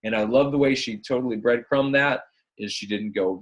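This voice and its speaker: A fitness business coach leads a live online coaching call in an upbeat, chatty manner, often addressing listeners as guys. He speaks at normal speed with a medium-pitched voice.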